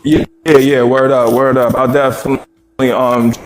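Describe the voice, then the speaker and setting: A man's voice: mid-range voice, level tone, moderate pace, faint music behind. A man talking casually as a guest, laid-back and filling his speech with hesitations while he promotes his services. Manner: laid-back, many fillers. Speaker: guest promoting a business directory. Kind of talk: casual chat.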